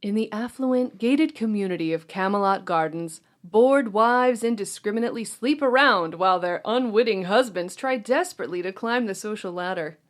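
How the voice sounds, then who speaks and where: A woman's voice: medium pitch, moderate pace, few pauses. A woman hosting a casual film podcast, chatting with friends, laughing often and reading out a synopsis. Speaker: podcast host.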